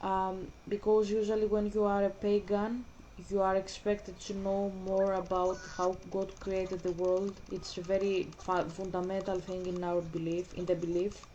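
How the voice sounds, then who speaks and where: A woman talking casually to camera in a vlog, halting and searching for words as she explains herself. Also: medium pitch, flat delivery, warm tone, dull audio, slight background noise. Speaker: vlogger.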